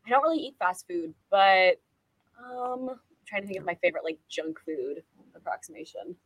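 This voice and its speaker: A young woman from California chatting casually as an interview guest, quick and self-deprecating, peppering her talk with "like.". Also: medium pitch, animated, dry recording, poor audio. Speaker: guest, actress and musician.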